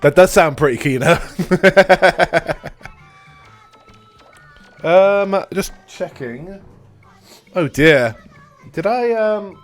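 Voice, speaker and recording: A man hosting a live game stream in casual, rambling chat, his voice hoarse and stuffy from a cold. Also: medium pitch, a bit bright. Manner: rambling, with restarts, swearing and laughs. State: stuffy nose after a cold.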